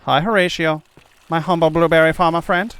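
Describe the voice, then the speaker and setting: A young man playing a video game and commenting, excitable, jumping from loud yelps to quiet muttering. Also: a little high, fairly quick, clear, resonant tone. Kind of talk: let's play commentary.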